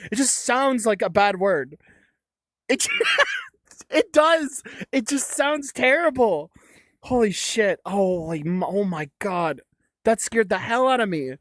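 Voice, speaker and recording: A woman's voice: mid-range voice, animated, measured pace, no echo. Giggly stammering woman streamer, dry close mic. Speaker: livestream host. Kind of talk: casual chat reading viewer comments.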